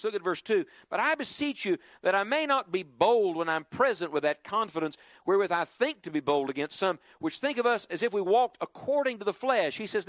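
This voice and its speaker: Preacher, man, lively swooping delivery, slightly high voice, dry close sound. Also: a little fast, hardly any pauses, no room sound. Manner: lively, rising and dropping emphatically, leading the congregation in call-and-response. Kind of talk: sermon. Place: church before a congregation.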